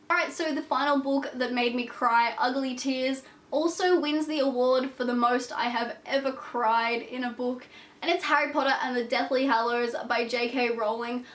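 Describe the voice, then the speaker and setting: High-pitched young woman, sick and congested, chatty book vlogger, echoey room, a bit far from the mic. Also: fairly bright tone. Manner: chatty, emphatic, self-deprecating. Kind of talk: casual vlog chat.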